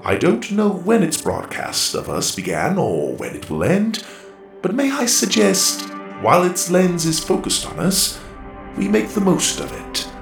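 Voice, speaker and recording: Keep it measured and reflective, as a man voicing a wise mentor whose pitch swoops widely over a creaky edge. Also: big pitch swings, roomy sound, faint music behind, full character voice. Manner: measured, reflective, gently persuasive.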